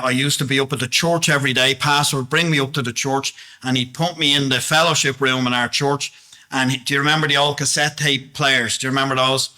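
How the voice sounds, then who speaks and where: A man's voice: medium pitch, bright, forceful tone. A man giving a plain-spoken, earnest testimony sermon, often asking the congregation questions.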